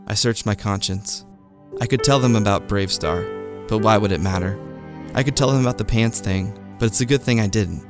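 A man telling a true childhood story in a deadpan, wry manner. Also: fairly low pitch, a little fast, gravelly. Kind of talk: first-person comic storytelling. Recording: close dry mic with faint music.

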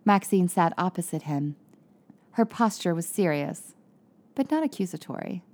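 A woman reading a story aloud in an even, measured narration. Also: on the low side. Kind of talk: audiobook narration.

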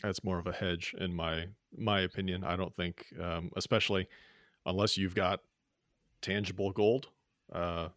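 A man's voice: low-pitched, flat delivery, normal speed, fairly bright tone, dry recording, clean studio sound. A man co-hosting a personal finance show, explaining things plainly and easily with a few fillers. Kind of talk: casual radio show banter.

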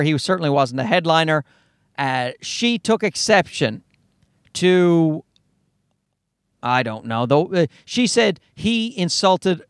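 A comedian from Newfoundland with a Newfoundland accent, rambling through a profane, self-mocking solo podcast monologue. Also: male voice, sits high, a bit bright, no room sound, clean studio sound.

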